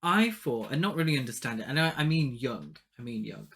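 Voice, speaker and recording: A man with a mid-pitched, everyday voice co-hosts a casual film podcast. His talk is relaxed and full of playful banter aimed at his co-host. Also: fairly quick, creaky.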